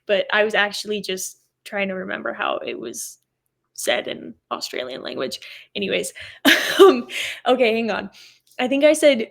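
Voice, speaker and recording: A young American woman talking casually as an interview guest, chatty and quick to laugh, with lots of fillers. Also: mid-range voice, vocal fry, fairly bright tone. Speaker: guest, motocross racer.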